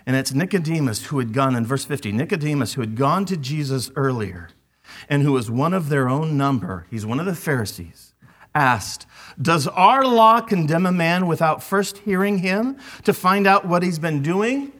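A man's voice: a little high, lively intonation, normal speed, a bit bright. A man preaching a sermon, speaking animatedly and acting out quoted lines with emphasis. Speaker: pastor.

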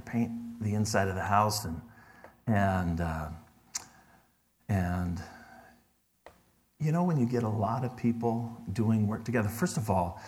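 A middle-aged pastor preaches a sermon in a conversational style, his fairly low voice dropping to hushed tones for emphasis.

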